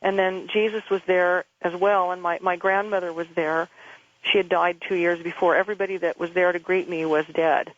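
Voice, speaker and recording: A woman speaks over a muffled telephone line in an even, flat voice with little rise and fall. She tells her story earnestly but haltingly, often restarting her sentences. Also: lowish voice. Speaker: radio show guest. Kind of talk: personal testimony over the phone.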